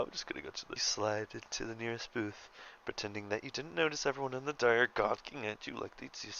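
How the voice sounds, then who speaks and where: A man doing let's play commentary, jokey and excitable, swearing freely while reading game text aloud. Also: medium pitch, fast, vocal fry, noisy background. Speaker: gaming streamer.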